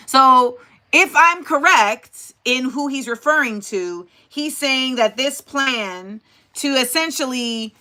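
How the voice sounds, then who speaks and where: A woman's voice: high voice, lively intonation, takes it slowly, pauses often, bright, forceful tone. A woman hosting a casual livestream, thinking aloud and talking directly to her chat. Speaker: host.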